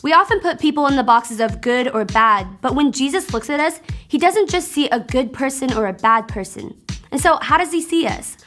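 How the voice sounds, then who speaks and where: A woman's voice: sits high, expressive, a little fast, a bit bright, faint music behind. A woman hosting a kids' church lesson, explaining the story in a teaching tone.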